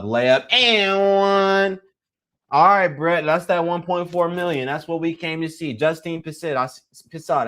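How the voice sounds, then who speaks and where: A young man giving casual live play-by-play commentary, excitable and teasing, full of slang. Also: mid-range voice.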